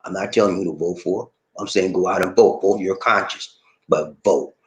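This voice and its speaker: An American man hosting a casual live stream from home, reading out viewer names, laughing often and talking in a lively, easygoing way. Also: low voice, moderate pace. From United States. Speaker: vlog host reading live chat.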